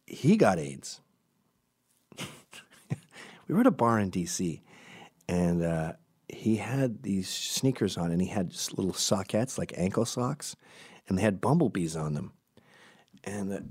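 Lower-voiced man in a rambling comic monologue. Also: darkish tone, slightly rough. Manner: crude, digressive, self-interrupting.

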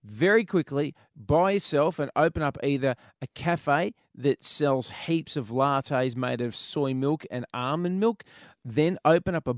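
A man's voice: on the high side, no echo, clean studio sound. An Australian man hosting a radio show, bantering playfully and laughing often. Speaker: radio host. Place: radio studio. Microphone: studio microphone.

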